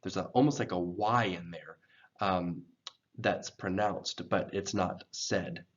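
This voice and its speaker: A man teaching English pronunciation in a slow, careful lesson, patiently repeating words for learners. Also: low voice. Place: church program video. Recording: dull, lo-fi sound.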